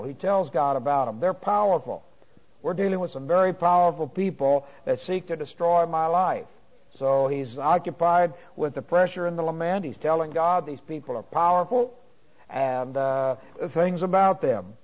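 A man teaching from a psalm. He reads each verse slowly and then explains it in plain talk, with many pauses and fillers. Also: fairly high pitch, darkish tone, muffled recording. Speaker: Bible teacher. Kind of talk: sermon.

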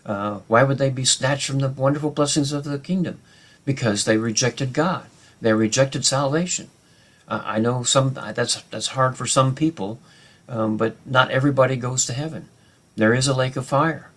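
A man teaching a Bible study lesson off the cuff, pausing and restarting often with many fillers. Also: mid-range voice, a bit bright.

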